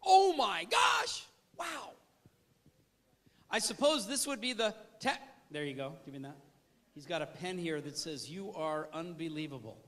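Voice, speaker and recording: A male trainer with a high, bright, ringing voice leads a seminar with energy. He keeps putting questions to the listeners and has them answer back. His delivery stays lively and engaging. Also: normal speed. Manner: energetic, quizzes the audience. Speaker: service trainer. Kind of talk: interactive seminar talk.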